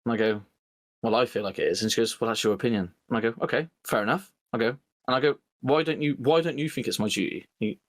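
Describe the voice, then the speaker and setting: A man co-hosting a podcast, telling an animated story and acting out both sides of an argument with his partner. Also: mid-range voice, quick pace, dry recording. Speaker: podcast co-host. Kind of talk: casual chat.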